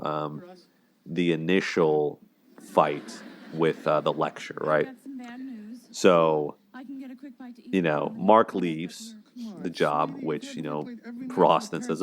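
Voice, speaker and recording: Man, very low voice, casual commentary, rambling, lots of fillers. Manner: rambling, frequent fillers, acts out quotes. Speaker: relationship commentator.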